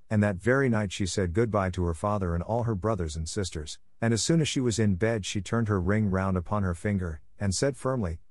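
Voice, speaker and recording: Low-voiced male storybook narrator. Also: no echo, studio quality. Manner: calm, measured storytelling. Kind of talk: scripted audiobook narration.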